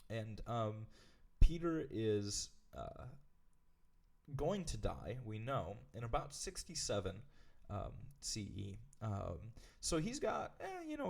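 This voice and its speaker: Man, devotional leader, lowish voice, scripture reading, relaxed chatty commentary, frequent fillers. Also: gravelly.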